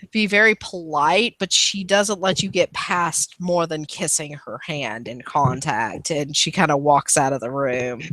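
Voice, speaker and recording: A woman's voice: low voice, a bit bright, no room sound. A woman narrating a tabletop role-playing game as game master, casual and rambling with many fillers.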